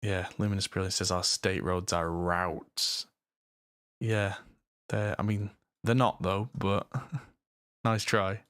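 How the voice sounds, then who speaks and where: A man with an English accent from the north of England streams himself mixing, rambling and chatting with self-deprecating humor. His voice is low, level and a bit bright with a clean tone; he takes it slowly, pauses often, and the recording is dry.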